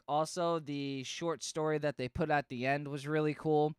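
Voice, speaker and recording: A man's voice: on the high side, steady tone, normal speed, smooth, dry recording, clean studio sound. A man chatting casually as a podcast co-host, rambling and enthusiastic. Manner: enthusiastic, rambling, full of fillers. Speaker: podcast co-host reviewing comics. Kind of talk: casual chat.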